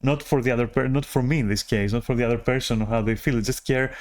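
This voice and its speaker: A man's voice: medium pitch, fast, hardly any pauses. A man vlogging a rambling personal rant, frustrated and profane, often restarting his sentences.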